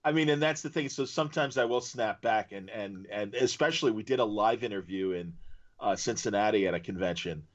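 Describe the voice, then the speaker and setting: A man from Chicago hosting a podcast, chatting casually and telling stories with lively slips into impressions. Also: on the low side, a little fast, muffled recording. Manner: animated storyteller who slips into impressions. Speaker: podcast host. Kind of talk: casual chat.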